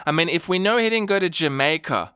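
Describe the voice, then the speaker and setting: A man's voice: a little high, lively intonation, fast, pushed and bright, smooth, dry recording, clean studio sound. An Australian man who hosts fan theories and lays out his argument methodically with rhetorical questions. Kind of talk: explanatory monologue.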